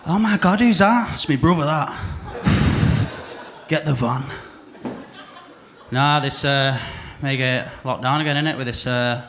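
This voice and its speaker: A young man with a Salford accent doing a rambling stand-up set, laddish and quick to mimic people. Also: medium pitch, a bit bright, a little hiss or hum. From Salford, England. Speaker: new act comedian. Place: comedy club stage.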